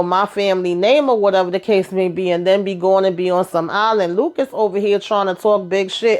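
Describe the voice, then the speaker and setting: A woman recapping a TV drama episode in an animated, slangy storytelling manner, full of asides to her viewers. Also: mid-range voice. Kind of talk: casual chatty episode recap.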